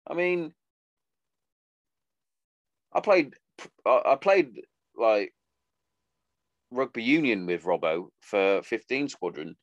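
A man's voice: mid-range voice, expressive, takes it slowly, pauses often, no echo, dull audio. A man in his thirties hosting a podcast, rambling casually with lots of swearing and some sentimental asides. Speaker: podcast host. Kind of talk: casual monologue.

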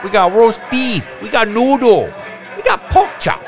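A man's voice: extremely high pitch, sing-song, unhurried, soft background music, some chatter behind, pitched above the performer's own voice, heavily acted. A man voicing a pushy male food-truck vendor who speaks in clipped, broken English and bosses the customer around. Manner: clipped broken grammar, bossy insistence.

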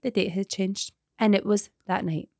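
A Scottish woman in her thirties, a podcast co-host telling everyday stories in casual chat, animated and swearing now and then. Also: mid-range voice, normal speed, vocal fry, dry recording, studio quality.

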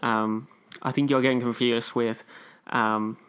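A man co-hosting a podcast in casual chat, rambling and halting with lots of fillers. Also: mid-range voice, level tone, fairly bright tone, clean tone. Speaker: podcast co-host.

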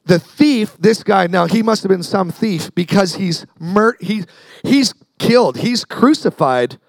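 A man's voice: sits high, lively intonation, unhurried, creaky, dry recording. A man preaching a sermon as pastor, talking conversationally, repeating words and acting out the people in his story.

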